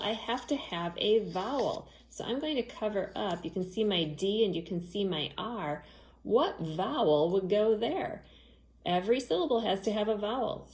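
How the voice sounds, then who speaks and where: Slow, patient woman teaching phonics. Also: medium pitch, darkish tone, reverberant, poor audio. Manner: slow, clear, patient, spells out letters. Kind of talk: phonics lesson to children.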